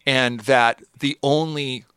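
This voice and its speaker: A man co-hosting a podcast, talking in a thoughtful, speculative way with drawn-out phrasing. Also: medium pitch, steady tone, sharp tone, smooth, no echo, clean studio sound. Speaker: podcast co-host. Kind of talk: casual chat.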